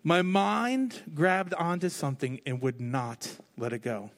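A man preaching a conversational sermon from the stage, telling his own story candidly with lively, expressive delivery. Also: fairly high pitch, a little slow. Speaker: pastor. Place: on stage before a congregation.

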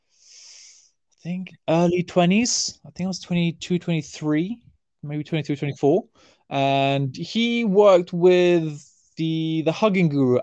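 A man, talking casually as an interview guest, relaxed and rambling with fillers and restarts. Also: fairly high pitch, clean tone, no echo. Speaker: herbalist guest.

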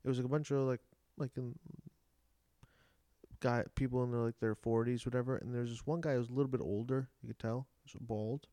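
A man's voice: mid-range voice, fairly even intonation, quick pace, mellow, no echo, clean studio sound. A man chatting casually on a podcast, telling eager stories and laughing along. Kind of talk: casual chat.

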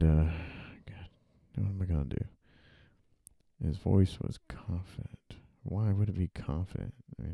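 A man, an author, thinks aloud while drafting and typing in a dark room, muttering, rereading and correcting himself. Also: low voice, gravelly, dry recording.

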